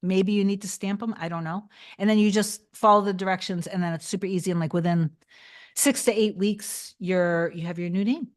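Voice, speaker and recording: A woman on a casual livestream, reading and answering chat. She talks in a rambling, chatty way, restarts a lot and turns soft and reassuring when she gives advice. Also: medium pitch, fairly even intonation, a little fast. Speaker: manifestation coach answering live chat.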